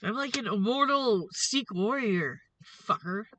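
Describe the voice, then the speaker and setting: A woman's voice: a little high, animated, a little slow, bright, forceful tone, slight background noise, low-quality recording. A woman hosting a tarot reading vlog, ranting in an angry, profane, confrontational way. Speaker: tarot reader and show host.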